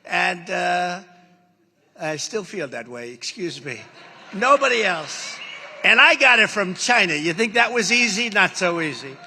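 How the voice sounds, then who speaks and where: Older man, rally speaker, forceful and rambling, boastful, long hall reverb on a live feed. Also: high voice, expressive, unhurried, slight background noise. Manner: rambling, boastful, acts out quoted exchanges. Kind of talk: campaign rally speech.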